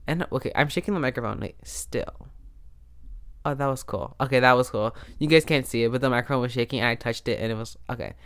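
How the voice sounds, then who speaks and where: A podcast host with a mid-range, fairly bright, clean voice races through a rambling, casual story with few pauses. He keeps interrupting himself, restarting sentences and wandering into asides, recorded on a podcast microphone.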